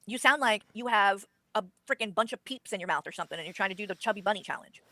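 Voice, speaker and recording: A woman's voice: mid-range voice, fast talker, bright, forceful tone, no room sound. A woman from the United States talking on her stream, blunt, dismissive and profane. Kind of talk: casual stream talk.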